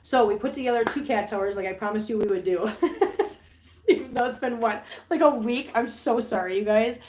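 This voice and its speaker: A woman's voice: on the high side, fairly quick, darkish tone. A woman hosting a casual live stream from her home, chatting to viewers about her cats and laughing often. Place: home living room. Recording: roomy home sound with faint background hiss.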